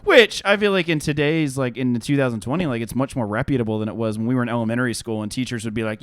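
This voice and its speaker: A man's voice: mid-range voice, rapid-fire, few pauses, a bit bright, no echo. A young man co-hosting a casual podcast, rambling and correcting himself as he goes. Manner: rambling, full of fillers and self-corrections. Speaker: podcast co-host. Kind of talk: casual chat.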